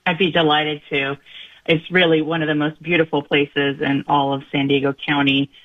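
A woman's voice: deep voice, level tone, normal speed. Female radio guest, cheerful and upbeat, heard over a tinny phone line. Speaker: radio interview guest, nonprofit director. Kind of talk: radio interview.

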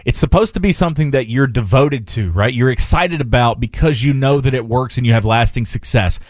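A man on a dry, close studio mic delivers a testimonial radio ad. His mid-pitched voice stays earnest and personal, building to a direct call to act. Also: brisk, no echo. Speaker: ad spokesman.

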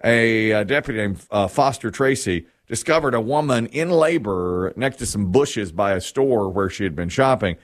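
A man's voice: fairly low pitch, moderate pace, few pauses. A middle-aged man hosting a casual talk show, retelling a news story and acting out the quotes. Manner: animated storyteller, acts out quotes. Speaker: radio show host.

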